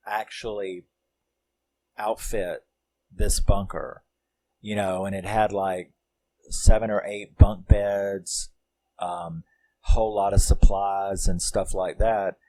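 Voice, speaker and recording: A man's voice: on the low side, little pitch movement, slow pace, pauses often, warm tone, a little hiss or hum. A man reviewing a film in a casual, rambling way, often laughing and using lots of fillers.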